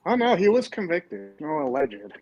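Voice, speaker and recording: A man's voice: on the high side, big pitch swings, normal speed, darkish tone, highs cut off. A man chatting casually on a podcast, laid-back with dry jokes. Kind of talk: casual group chat.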